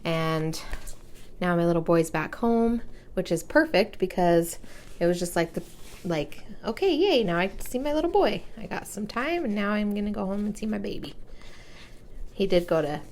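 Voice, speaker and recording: A young woman at her craft table talks through each step in a relaxed, chatty way. She giggles often and hums little tunes while she works. Her voice sits at a middle pitch. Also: moderate pace. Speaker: crafting vlogger. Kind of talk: casual craft tutorial chat.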